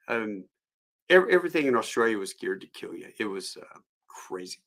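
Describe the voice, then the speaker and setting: Gravelly-voiced man spinning rambling stories on a live stream, chuckling as he goes. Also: on the low side, big pitch swings, normal speed, fairly bright tone. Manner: rambling anecdotal delivery with chuckles. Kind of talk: storytelling.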